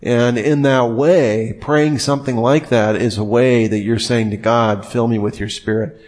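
Young man, preacher, casual sermon, mid pitch, talks straight to the listeners, acts out imagined inner voices. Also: fairly even intonation, unhurried, a little mellow. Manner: conversational, self-questioning, acts out hypothetical inner voices.

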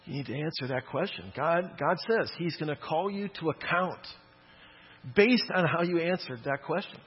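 Husky-voiced man preaching a sermon. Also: fairly high pitch, moderate pace, highs cut off. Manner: conversational, emphatic, often tags sentences with "okay?". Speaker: pastor.

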